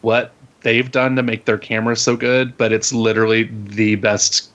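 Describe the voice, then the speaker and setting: A man's voice: on the low side, level tone, normal speed, a bit bright, highs cut off. A man joining a casual tech chat, chiming in with blunt, offhand remarks.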